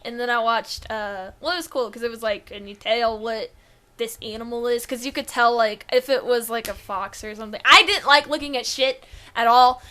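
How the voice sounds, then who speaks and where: A woman's voice: fairly high pitch, a little fast, bright, forceful tone. A woman co-hosting a casual gaming podcast, chatting and laughing often. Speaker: podcast co-host. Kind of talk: casual chat.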